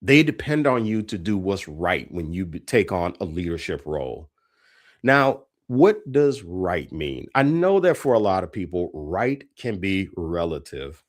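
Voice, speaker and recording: A man giving a leadership keynote as a story, animated and repeating words for emphasis. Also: deep voice, measured pace. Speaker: keynote speaker.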